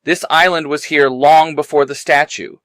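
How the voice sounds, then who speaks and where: A man voicing an excited, nerdy young man explaining a secret in a story reading. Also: on the high side, moderate pace, dry recording, lightly acted. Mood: eager.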